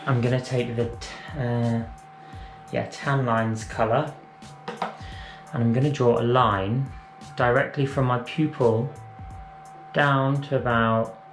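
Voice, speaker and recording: A man's voice: mid-range voice, steady tone, takes it slowly, pauses often. Brief: male drag makeup vlogger, rambling playful chat, room echo with faint music. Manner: rambling, self-correcting, playful. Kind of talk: chatty makeup tutorial. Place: room at home.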